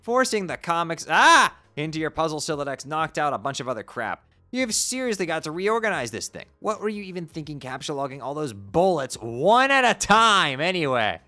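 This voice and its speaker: A man's voice: a little high, very animated, normal speed, few pauses, pushed and bright. A man streaming casual chat, rambling with laughs and stumbling restarts. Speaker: streamer reading a webcomic aloud. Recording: background music under voice.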